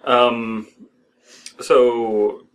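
A man's voice: mid-range voice, little pitch movement, drawn-out words. A young man reading a horror story aloud with a friend, breaking off for wry, jokey asides and tripping over his words. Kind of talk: casual reading and joking commentary.

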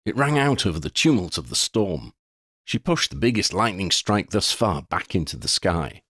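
A man reading a storybook aloud in a dramatic, measured way. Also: deep voice, a bit bright, no echo, clean studio sound. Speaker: audiobook reader. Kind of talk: storybook narration.

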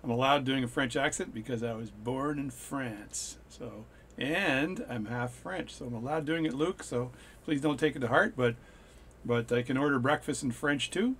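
A man's voice: mid-range voice, moderate pace, a bit bright, a little hiss or hum. A man hosting his watch repair channel, chatting casually and jokily at his workbench with plenty of fillers and restarts. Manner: rambling, jokey, with fillers and restarts. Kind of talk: casual workshop talk.

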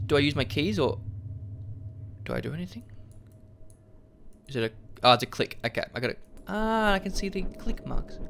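Young male let's-player, swears freely, self-mocking humor, lively voice, some music underneath. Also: mid-range voice, moderate pace, gravelly, long pauses. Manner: profane, self-deprecating, jokey. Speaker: let's play gamer. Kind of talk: casual gaming commentary.

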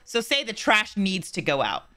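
Gesprächige Frau als Podcast-Gastgeberin. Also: female voice, mid-range voice, wildly swooping pitch, normal speed, pushed and bright. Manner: chatty, acts out quoted remarks, reads chat messages. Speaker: podcast host. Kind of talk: casual chat.

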